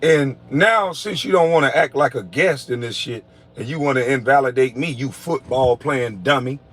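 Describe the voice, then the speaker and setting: A former pro basketball player delivering an angry, profane video rant, heated and insulting. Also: male voice, mid-range voice, moderate pace, fairly bright tone.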